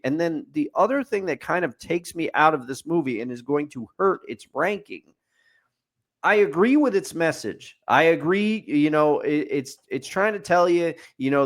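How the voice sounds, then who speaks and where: A man with a fairly high-pitched speaking voice, talking through a movie in relaxed podcast chat. He is opinionated and builds his case point by point, ticking items off like a checklist. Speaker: podcast co-host. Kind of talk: casual movie review chat.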